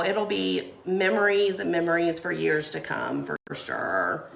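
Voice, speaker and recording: A woman's voice: mid-range voice, big pitch swings, slow pace, creaky, pauses often, fairly bright tone, roomy sound, slight background noise. A woman who has a cold, chatting casually and laughing as she crafts and answers viewer comments. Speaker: craft livestream host. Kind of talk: casual chat while crafting.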